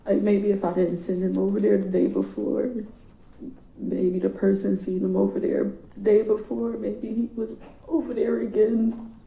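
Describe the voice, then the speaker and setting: A tearful woman speaking to a courtroom in a halting, grief-stricken way, her voice breaking, recorded as echoey, muffled courtroom audio. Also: mid-range voice, level tone, creaky. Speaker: victim's relative giving a statement in court. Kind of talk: emotional victim impact statement.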